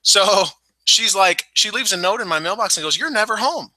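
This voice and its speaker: A man's voice: high-pitched, moderate pace, no echo, low-quality recording. A man co-hosting a podcast, chatting casually from home, swearing often and acting out the people in his stories. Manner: animated storyteller, swears often, mimics people. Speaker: podcast co-host. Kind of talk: casual profane chat.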